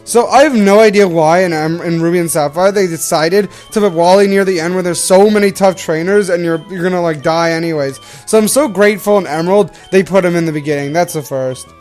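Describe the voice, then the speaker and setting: A man's voice: high voice, a little fast, hardly any pauses, a little mellow, faint music behind. A young man from Canada giving rambling, self-correcting commentary while hosting a game playthrough. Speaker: let's play host. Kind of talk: casual gameplay commentary.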